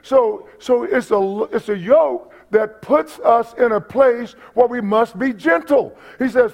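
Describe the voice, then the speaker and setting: Slow, expressive and creaky, a man's high voice carries a folksy, humorous sermon. As pastor he repeats his points and talks to the congregation in asides; the church recording is dull and lo-fi.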